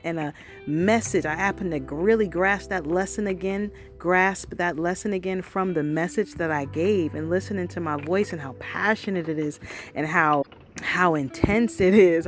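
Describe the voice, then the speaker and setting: A woman's voice: fairly low pitch, normal speed, soft background music. A woman vlogger recording herself, talking through an earnest, casual motivational monologue, calling listeners "y'all" and often asking if they know what she means. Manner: earnest, conversational, often asks "you know what I mean?". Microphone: recording herself for her channel.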